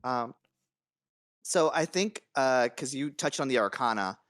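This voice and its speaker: A man co-hosting a casual podcast chat, talking in a halting way full of fillers and restarts, with casual swearing. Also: medium pitch, animated, a bit bright, no room sound, studio quality. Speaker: podcast co-host.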